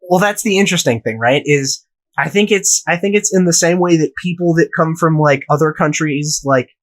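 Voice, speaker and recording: Young man, from the US, casual podcast chat, profane rambling storyteller, slightly high-pitched. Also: brisk, poor audio. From United States. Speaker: podcast host.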